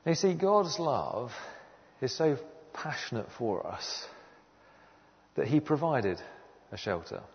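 In a mid-range, sing-song voice, a man delivers an earnest, emphatic sermon, taking it slowly with long pauses and repeating key phrases for weight. The sound is dull, with a long hall reverb.

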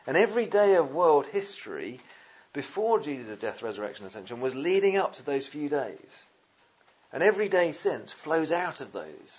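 A man preaching a sermon, lively and conversational, with jokey asides and many fillers. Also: fairly high pitch, moderate pace, breathy edge, dull audio. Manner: animated, jokey asides, frequent "uh" and "you know".

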